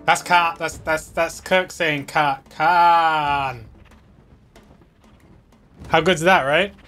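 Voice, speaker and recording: A man's voice: on the high side, fairly even intonation, very slow, pushed and bright, faint music behind. A man giving casual gameplay commentary, chatty and self-mocking, talking straight to his viewers. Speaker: let's play host.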